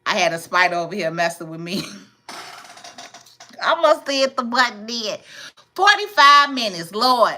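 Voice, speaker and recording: A woman's voice: medium pitch, sing-song, normal speed, pauses often, sharp tone. A woman hosting a livestream, chatting casually with viewers and laughing often. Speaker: livestream host. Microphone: phone camera.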